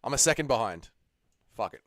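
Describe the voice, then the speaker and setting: An Australian man hosting a livestream, hungover and low on energy, chatting casually, swearing, and reading viewer messages. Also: big pitch swings, fairly quick, a bit bright, no room sound, studio quality. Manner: laid-back, sweary, laughs easily. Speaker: livestream host.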